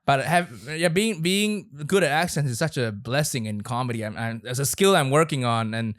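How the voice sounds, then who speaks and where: A comedian from Malaysia with a mixed Malaysian, British and American accent, chatting playfully on a podcast. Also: male voice, mid-range voice, normal speed, dry recording, clean studio sound. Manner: animated, playful, tries out accents. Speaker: guest comedian. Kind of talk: casual podcast chat.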